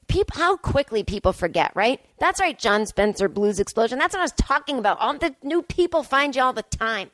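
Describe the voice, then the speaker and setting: Recording alone in a hotel room, this podcast host, a woman in her forties, talks a little fast with few pauses in a fairly bright, higher voice that swings widely in pitch. Her monologue is casual and chatty, with sarcastic, self-mocking stories; there's no echo.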